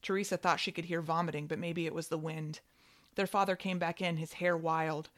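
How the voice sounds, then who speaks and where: Woman with a lowish voice reading fiction. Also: fairly even intonation, a little fast, fairly bright tone. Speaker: narrator.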